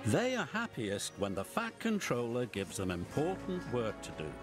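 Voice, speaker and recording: A man narrating a children's story in an animated, sing-song way, with music behind. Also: medium pitch, normal speed.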